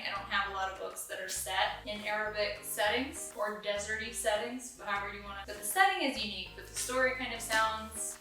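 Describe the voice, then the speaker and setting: A woman's voice: medium pitch, bright, forceful tone, echoey room. A woman vlogger casually chatting as she unboxes a book subscription box, thinking aloud with plenty of fillers and asides.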